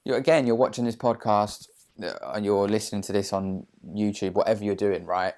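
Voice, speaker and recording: A man's voice: lowish voice, steady tone, fairly quick, darkish tone. A man giving a casual motivational talk to camera from his sofa at home, chatty and blunt, with slang and frequent fillers. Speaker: trader vlogger.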